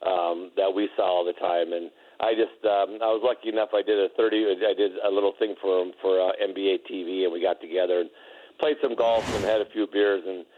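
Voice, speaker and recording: A man's voice: deep voice, fairly even intonation, fairly quick, phone-quality sound. Man laughing through old stories. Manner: laughing anecdotes, many restarts. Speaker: former basketball player, guest. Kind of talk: casual storytelling interview.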